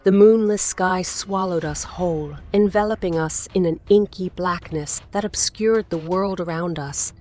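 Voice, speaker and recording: A woman voicing a frightened, grieving widow in an audiobook, speaking in a trembling, hushed voice. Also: lowish voice, measured pace, few pauses, natural voice. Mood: fearful. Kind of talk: audiobook character voice.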